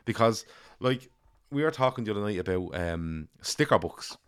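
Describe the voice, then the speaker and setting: A man's voice: fairly low pitch, expressive, moderate pace, fairly bright tone, smooth. A man co-hosting a casual football podcast, chatting loosely, swearing and reading out listener comments. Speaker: podcast co-host. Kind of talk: casual chat.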